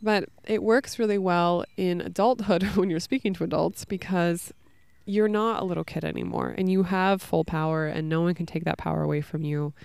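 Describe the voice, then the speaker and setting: A woman's voice: on the low side, fairly even intonation, normal speed, gravelly, darkish tone, clear, resonant tone, no echo. A young woman hosting a solo podcast, talking in a casual, reflective way with many fillers. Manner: casual, frequent "like" and "you know". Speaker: podcast host.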